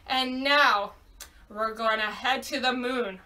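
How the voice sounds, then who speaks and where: Young lady doing baby storytime from home, bouncy sing-song, unhurried, sits back from the mic. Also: fairly high pitch, fairly even intonation, bright, forceful tone. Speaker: library storytime host. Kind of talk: singing and talking to parents and babies. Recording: voice a bit far from mic.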